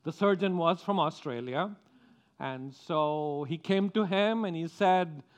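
Slow, halting man in church. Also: fairly high pitch. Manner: halting, many restarts and pauses. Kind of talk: church announcements.

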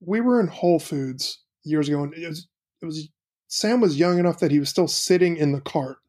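A middle-aged man co-hosting a casual chat, telling stories about his kids and quoting them with lively voices. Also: fairly high pitch, brisk. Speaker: podcast co-host.

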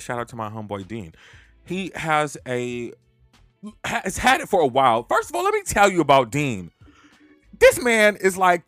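Animated storytelling man, lively pitch. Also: dry recording. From Los Angeles. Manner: animated, swings into loud high-pitched quoted voices; frank and profane, laughs while telling. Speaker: podcast host. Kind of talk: casual storytelling monologue.

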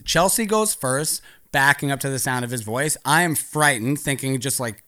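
A man's voice: mid-range voice, normal speed, bright, forceful tone. A man telling a stand-up comedy story, rambling and profane, often laughing through his lines.

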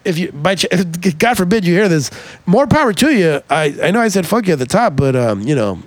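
A man's voice: high-pitched, sing-song, fairly quick, no echo. A man co-hosting a podcast in casual chat, loose and profane, with lots of fillers and restarts. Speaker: podcast co-host.

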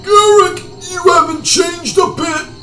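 A man voicing a stern old male martial arts master who scolds and shouts, heard from a distance in an echoey room. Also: extremely high pitch, fairly even intonation, a little slow, faint music behind, pitched above the performer's own voice, heavily acted. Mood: scolding.

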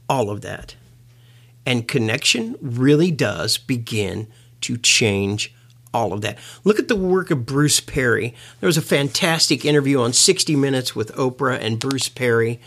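Male lecturer, mid-pitched, earnest and emphatic, a reflective teaching talk. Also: fairly bright tone. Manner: earnest, emphatic, slows down for key words. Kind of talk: educational talk.

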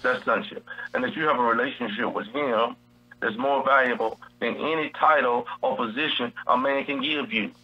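Husky-voiced man preaching on radio. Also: mid-range voice, moderate pace, muffled recording. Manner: preacherly, repeats key phrases. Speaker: guest preacher. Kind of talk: radio Bible teaching.

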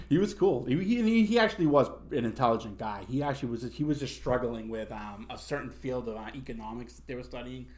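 Hosting his podcast, the young man chats casually and loosely, cursing freely and backing up to restart lines. His voice is medium-pitched and animated with a darkish tone, and he talks fairly quickly.

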